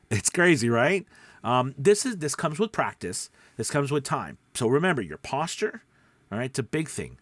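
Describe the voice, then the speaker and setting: A man teaching voice-over in a casual video lesson, speaking close to the microphone and showing how his voice drops deep and quiet. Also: huge pitch swings, normal speed, no room sound. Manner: demonstrates pitch, drops deep and quiet then rises. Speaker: voice-over coach. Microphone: close studio mic.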